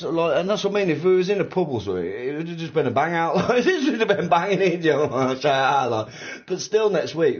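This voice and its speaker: A man's voice: medium pitch, distant mic. A middle-aged man, chatting casually and rambling in slang and swearing while streaming a racing game. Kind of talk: casual chat while gaming. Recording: roomy, dull home mic.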